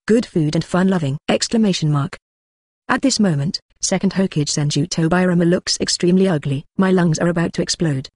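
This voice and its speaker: A synthetic audiobook voice that runs through a machine-translated story in one even, mechanical manner. It speaks every punctuation mark aloud. The sound is dry and close, with no room around it, and the pitch sits in the middle. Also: dry recording. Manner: reads punctuation marks aloud; even, mechanical delivery with odd phrasing. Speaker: audiobook narrator. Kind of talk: text-to-speech audiobook narration.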